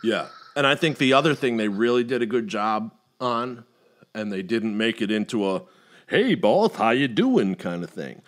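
In a relaxed podcast chat, a middle-aged male host recounts a long tale, swearing a lot and voicing other people's lines with gusto. His pitch sits fairly low and his pace is normal.

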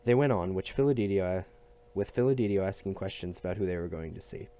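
A man reading a novel aloud at a steady pace, with small restarts and slips. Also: low voice, brisk, highs cut off. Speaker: audiobook reader.

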